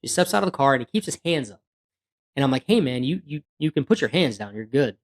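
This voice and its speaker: A man's voice: mid-range voice, quick pace. A straight-talking man recounting a patrol story on a podcast. He talks bluntly and casually. He slips into other people's voices as he retells what they said. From USA. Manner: blunt, animated retelling with acted-out quotes. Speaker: police officer guest.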